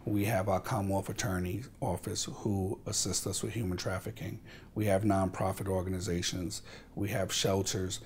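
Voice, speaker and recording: A male police officer with a very deep voice speaks plainly and matter-of-factly in an interview. A faint hum sits behind him. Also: level tone, normal speed.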